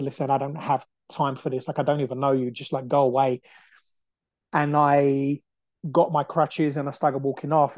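Male podcast host, mid-pitched, dry close sound, loose rambling storyteller who acts out quotes. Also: a little mellow, no echo. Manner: rambling, full of fillers and acted-out quotes. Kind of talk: casual storytelling monologue.

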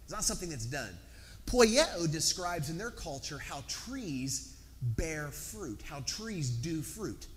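Animated Southern preacher, high and lively. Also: male voice, takes it slowly. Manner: emphatic, animated, repeats words for stress. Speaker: pastor. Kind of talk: sermon. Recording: echoey hall, faint background noise.

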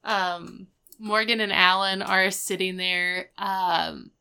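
A woman's voice: mid-range voice, steady tone, takes it slowly, creaky, pushed and bright, clear, resonant tone. A woman co-hosting a casual podcast, recapping a sitcom episode and acting out the characters' lines as she goes. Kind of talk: casual chat.

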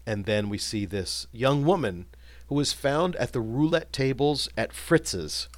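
A man's voice: mid-range voice, measured pace, dry recording. A man co-hosting a casual film discussion, recapping scenes and musing aloud, livening up when he quotes lines. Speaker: podcast co-host.

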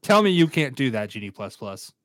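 A man's voice: mid-range voice, big pitch swings, fairly quick, a bit bright, no room sound. A man playing in a tabletop game, making dry, joking remarks. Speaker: player.

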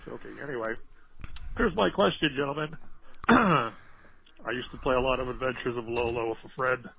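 A man's voice: mid-range voice, moderate pace, creaky. Jokey man leaving a lo-fi voicemail. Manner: jokey, rambling, coughing. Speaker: caller. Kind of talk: voicemail to a podcast. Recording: dull lo-fi voicemail playback.

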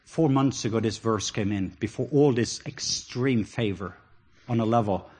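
A middle-aged man with a Norwegian accent preaching a sermon, animated with laughing asides and dropping to soft, intimate tones. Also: lowish voice, moderate pace, slightly rough.

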